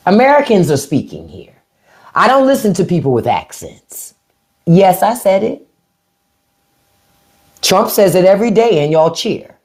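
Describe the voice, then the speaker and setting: Middle-aged woman, livestream host; blunt, taunting delivery with a lively, animated pitch. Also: unhurried, long pauses. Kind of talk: casual livestream talk.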